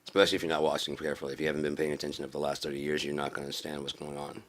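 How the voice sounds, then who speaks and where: A man giving a profane political rant in a video blog, repeating himself and rising into preachy shouting. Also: a bass voice, completely flat delivery, rapid-fire. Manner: swearing, repetitive, builds to preachy shouting. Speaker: video blogger.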